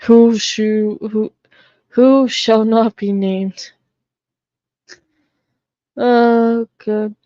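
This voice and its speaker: A woman's voice: fairly high pitch, fairly even intonation, very slow, long pauses, dark tone, no room sound, highs cut off. A woman from the Boston area chatting casually on her live stream, blunt and swearing freely.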